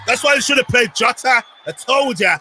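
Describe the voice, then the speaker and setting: A man co-hosting a live fan watchalong stream, agitated and often shouting at the game as it unfolds. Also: extremely high pitch, lively intonation, normal speed, soft background music. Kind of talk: live match watchalong chat.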